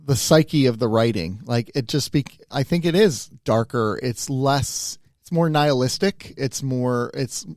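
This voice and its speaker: A man's voice: mid-range voice, unhurried, hardly any pauses, a little mellow, no echo. Guy riffing on a podcast, rambly and self-deprecating, dry mic, no room. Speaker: podcast co-host. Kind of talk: casual chat.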